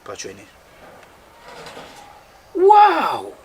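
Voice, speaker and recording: A teasing Ghanaian busybody. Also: male voice, mid-range voice, expressive, fairly quick, a bit bright, muffled recording, slight background noise. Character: nosy man teasing two women teachers.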